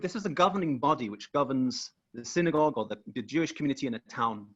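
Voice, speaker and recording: Male guest on a video call, husky, careful explainer, muffled lo-fi line. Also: medium pitch, a bit bright. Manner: careful, repeats words while explaining. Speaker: guest researcher. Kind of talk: explanatory talk over screen share.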